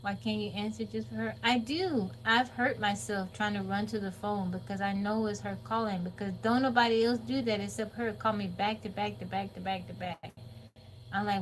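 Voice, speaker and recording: Live from her off-grid home, a host chats casually with viewers in a mid-range voice at normal speed, with slight background noise. She tells her stories animatedly, acting out quotes and laughing frequently.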